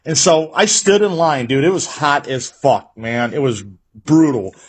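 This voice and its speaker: Guy hosting a radio interview, kinda husky, rambling swear-y storyteller. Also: mid-range voice, unhurried. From United States. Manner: loose, profane storytelling with many restarts. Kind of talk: casual chat.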